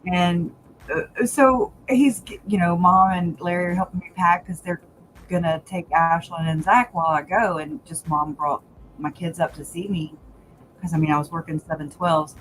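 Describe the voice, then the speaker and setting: A woman's voice: lowish voice, steady tone, moderate pace, a little hiss or hum, poor audio. Laughing woman chatting on a livestream. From Louisiana. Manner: laughs often, says "y'all". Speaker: livestream host. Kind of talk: casual chat.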